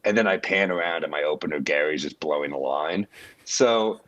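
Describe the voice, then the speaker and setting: A man in his thirties, a comedian guest telling anecdotes in casual podcast chat, quoting others with animated voices. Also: extremely low pitch, normal speed, dull audio.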